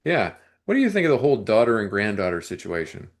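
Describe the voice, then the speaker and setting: A man with a fairly low voice talks through a film plot in a casual podcast chat. He rambles, restarts sentences and often clears his throat. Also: big pitch swings, fast talker. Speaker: movie review podcast co-host. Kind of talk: casual movie discussion.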